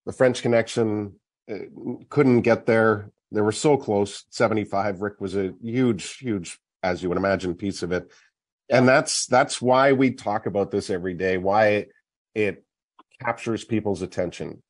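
A man's voice: on the low side, unhurried. A middle-aged man hosting a sports talk show, making his case emphatically and at length.

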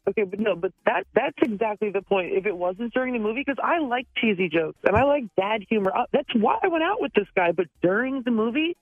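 A woman's voice: fairly high pitch, animated, a little fast, hardly any pauses, dry recording, faint music behind. A woman calling in to a radio show, talking bluntly and sounding exasperated. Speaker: radio caller. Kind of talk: phone-in radio chat. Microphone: telephone. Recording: tinny phone line.

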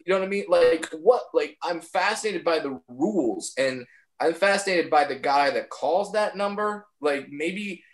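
A man's voice: fairly high pitch, expressive, normal speed. A male comedian chatting casually on a podcast, rambling and incredulous. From United States.

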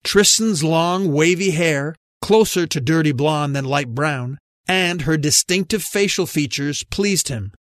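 A man narrating an audiobook in a measured, even reading from a close studio mic. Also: on the high side, no echo. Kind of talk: scripted narration.

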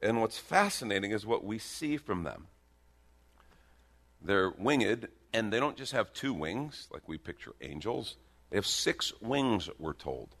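A man preaching a sermon in a church, animated, with bursts of emphasis and joking asides. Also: fairly low pitch, a little slow. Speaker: pastor. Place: church sanctuary.

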